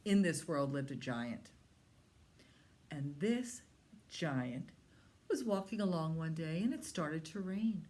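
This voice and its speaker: A woman librarian reading a story aloud to young children in an expressive storytime manner. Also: deep voice. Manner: slow, expressive, talks to young listeners.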